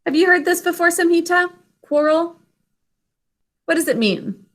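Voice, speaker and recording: A woman teaching an online spelling lesson to children, speaking slowly and clearly. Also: very high-pitched, expressive, fairly bright tone. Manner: slow, clear enunciation for children.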